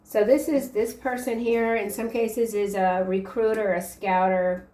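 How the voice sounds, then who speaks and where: Slow, rambling woman tarot reader, echoey. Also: mid-range voice, steady tone, mellow, recorded from a distance. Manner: rambling, halting stream of card interpretations. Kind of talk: casual tarot reading to camera.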